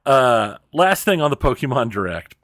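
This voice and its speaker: A man's voice: medium pitch, big pitch swings, normal speed, a bit bright, no echo. A man co-hosting a casual gaming podcast, giving news with wry, dry asides. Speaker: podcast co-host.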